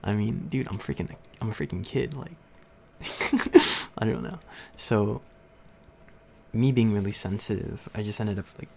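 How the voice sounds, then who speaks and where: A man's voice: lowish voice, measured pace, gravelly, long pauses, slight background noise. A young man hosting a livestream, casually telling a story to his chat with lots of fillers and frequent laughs. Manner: rambling, laughs often, many fillers. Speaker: livestream host.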